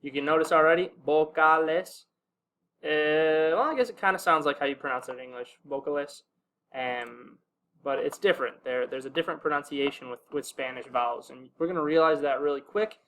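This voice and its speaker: Young male teacher with a somewhat high voice, easygoing and full of fillers, who slows down to spell out each example. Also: a little hiss or hum. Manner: relaxed, with many fillers, slows to sound out example words. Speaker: language teacher. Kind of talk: casual video lesson.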